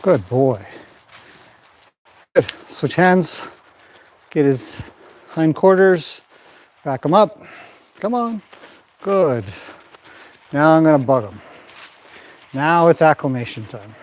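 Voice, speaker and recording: A man training a horse in a pen, calmly explaining what he does while softly praising and directing the animal. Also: fairly high pitch, slow pace, long pauses. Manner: calm running commentary mixed with soft praise to the horse.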